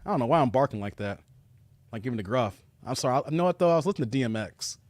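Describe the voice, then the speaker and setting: A man from Chicago hosting a reaction commentary livestream, talking straight to his viewers in a mocking, animated way. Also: mid-range voice, racing, no room sound. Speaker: commentary show host.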